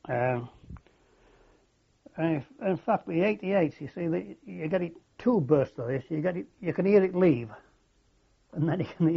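An older man recalling his wartime service in an oral history interview, halting and reflective, with many fillers and restarts. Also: fairly high pitch, creaky, husky. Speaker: war veteran interviewee. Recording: dull lo-fi recording.

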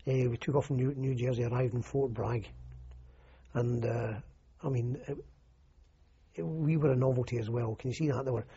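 The old army stories come loose and rambling from this older Scottish veteran, who keeps restarting and circling back with "you know" in an oral history interview. His very husky, mellow voice holds a medium, steady pitch at a normal speed, through a dull, muffled old recording.

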